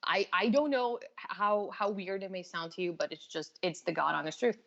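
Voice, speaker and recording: A woman's voice: medium pitch, moderate pace, gravelly, fairly bright tone. Lo-fi apologetic woman guest, American-leaning accent. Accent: American-leaning English. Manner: self-deprecating, apologetic, precise. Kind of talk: casual live-stream chat. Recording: dull lo-fi remote audio.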